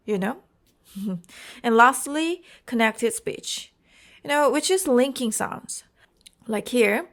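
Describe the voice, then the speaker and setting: A woman's voice: on the high side, lively intonation, slow. A woman with a Korean accent teaching an IELTS exam-prep lesson, explaining carefully and often checking in with "okay?" and "you know".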